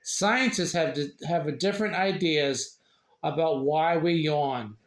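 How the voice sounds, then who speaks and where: A man reading a children's book aloud in a casual way, slow and halting, with slips, restarts and little asides. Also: on the high side. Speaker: reader sharing a book. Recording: echoey room.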